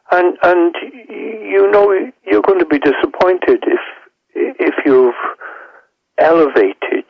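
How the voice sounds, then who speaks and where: A man guest on a radio show who answers slowly and deliberately, repeating words as he starts his sentences. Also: mid-range voice, no echo, muffled recording.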